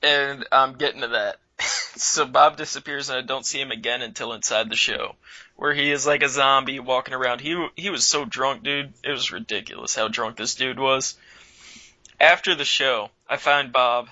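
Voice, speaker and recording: A man's voice: medium pitch, moderate pace, no room sound, muffled recording. A man co-hosting a comedy talk show, telling stories casually and acting out the people in them. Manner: animated storyteller who acts out the people in his stories.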